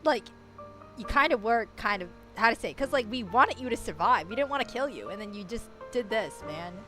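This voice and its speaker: A woman's voice: fairly high pitch, animated, brisk, a bit bright, soft background music. A woman streamer giving casual game commentary, chatty and swearing, swinging into emotional rants.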